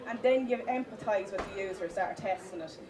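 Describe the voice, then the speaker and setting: A woman giving a live conference talk, with many fillers and restarts, stressing the points of a list slowly. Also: mid-range voice, a crowd in the background. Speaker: conference speaker. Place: conference hall with audience. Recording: distant mic, audience in hall.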